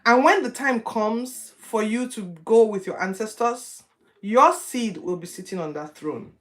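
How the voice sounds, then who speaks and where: A woman voicing God as a majestic male deity, with a slow and solemn delivery. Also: on the high side, a bit bright, pitched above the performer's own voice.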